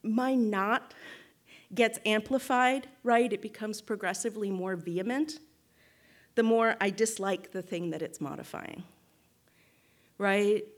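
A woman speaking slowly and deliberately, like a guest speaker leading a reflective teaching. She talks in a thoughtful, measured way, often pausing to check in with her listeners and restarting her phrases. Her voice sits in an ordinary middle range. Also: mid-range voice.

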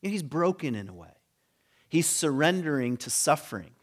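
Animated man preaching a conversational sermon. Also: fairly high pitch, normal speed. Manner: animated storytelling, acting out quoted voices with humor.

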